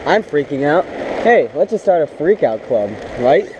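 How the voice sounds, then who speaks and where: A man's voice: fairly high pitch, very animated, moderate pace, muffled recording, background noise. A man vlogging from a small tent in heavy rain, rambling casually with lots of fillers and chatting to his dog. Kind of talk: casual self-filmed vlog. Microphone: camera on a tripod.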